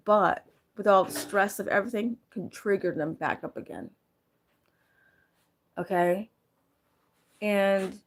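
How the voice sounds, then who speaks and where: A woman's voice: medium pitch, fairly bright tone. A middle-aged woman vlogging, angry and upset, repeating herself as she vents after sleepless nights. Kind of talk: emotional personal vlog.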